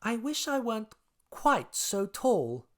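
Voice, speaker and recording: A man voicing a gentle, timid young male dinosaur who keeps apologizing. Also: extremely high pitch, very animated, slow pace, voice pushed up, exaggerated voice. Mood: apologetic.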